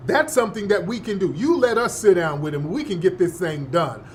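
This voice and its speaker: A man's voice: high voice, fairly quick, slight background noise. A male host giving opinionated political commentary in an emphatic, slangy, scoffing manner.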